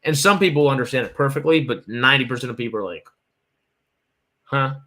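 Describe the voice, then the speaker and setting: A man from the southern United States, near Louisiana, co-hosting a podcast and chatting in a quick, rambling way. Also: mid-range voice, lively intonation, sharp tone. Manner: fast, rambling talk. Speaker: podcast co-host. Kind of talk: casual chat.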